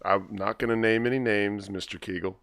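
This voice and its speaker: A man's voice: lowish voice, steady tone, brisk, gravelly, fairly bright tone, no room sound, studio quality. A man hosting a casual podcast chat, rambling with lots of fillers and frequent laughs. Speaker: podcast host.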